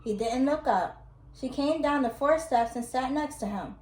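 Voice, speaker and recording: Calm woman storyteller, high voice, echoey room. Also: normal speed. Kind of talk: children's story reading. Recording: roomy echo.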